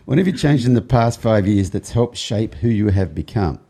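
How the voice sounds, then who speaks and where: A man's voice: on the low side, lively intonation, moderate pace, dark tone, husky. A man hosting a podcast, joking and giggling as he asks his guest questions. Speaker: podcast host. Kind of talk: casual interview chat.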